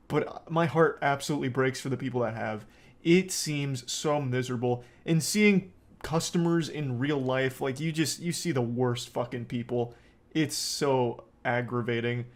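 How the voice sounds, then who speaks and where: Deadpan sardonic young man commentating. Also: a little high. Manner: deadpan, sardonic, swears a lot. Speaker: commentary YouTuber. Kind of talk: reaction commentary.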